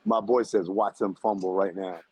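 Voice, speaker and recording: A man on a podcast telling a story in a loud, animated way, laughing often and using lots of slang. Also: deep voice, moderate pace, breathy edge, low-quality recording. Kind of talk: casual chat.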